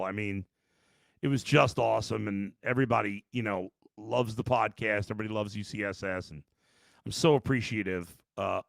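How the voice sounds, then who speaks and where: Ranting gravelly sports podcast host. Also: male voice, fairly low pitch, a bit bright, no echo, clean studio sound. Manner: ranting, exasperated, with many restarts. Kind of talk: post-game sports talk, reading chat.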